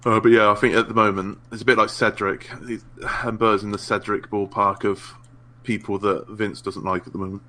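A man's voice: fairly low pitch, a little fast, few pauses. A man co-hosting a casual podcast, swearing freely and ranting. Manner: swears freely, animated rants. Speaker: podcast co-host. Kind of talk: casual chat.

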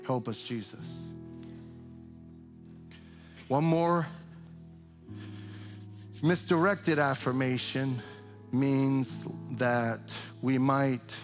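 An older man preaching a sermon in a loose, conversational way, who breaks into shrill mimicry when imitating cheering parents. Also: steady tone, drawn-out words, long pauses, soft background music. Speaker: pastor. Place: church sanctuary.

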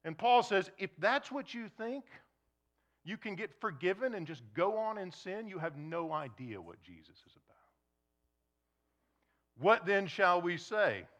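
Male pastor, sermon: bright, lively delivery, leans in quietly for emphasis. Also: high voice, unhurried, long pauses. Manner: conversational, animated, swings to soft intense emphasis. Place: church before a congregation.

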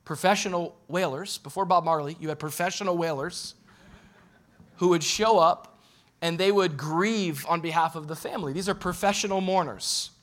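A man's voice: fairly high pitch, moderate pace, a bit bright. A male pastor preaching a sermon in a casual, joking storytelling way, acting out the people in the story.

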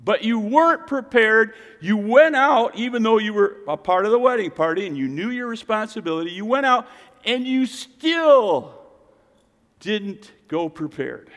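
A male pastor delivering a sermon with a fairly high voice. He preaches dynamically, rising to loud cries and then dropping to hushed intensity. The sound rings with the long reverb of a church hall. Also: expressive, measured pace.

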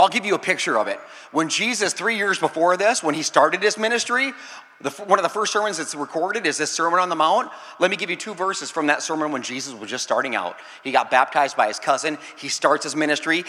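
A man preaching a sermon as pastor, animated, rising to shouts and breaking into laughing asides. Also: fairly high pitch, in a large hall.

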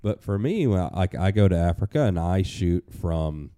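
A man hosting a casual podcast conversation, relaxed and chatty, with casual cursing. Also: deep voice, moderate pace, no room sound, studio quality.

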